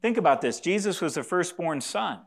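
A man's voice: on the high side, lively intonation, moderate pace, vocal fry. A man preaching a sermon to a congregation, earnest and repeating key phrases for emphasis, sometimes asking listeners to say lines back to him. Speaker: pastor.

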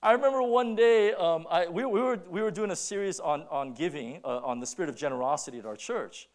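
A middle-aged man preaching a sermon as pastor, telling stories with many restarts and then slowing down to stress his points. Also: high voice. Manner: animated storytelling with many restarts, then slow emphatic preaching.

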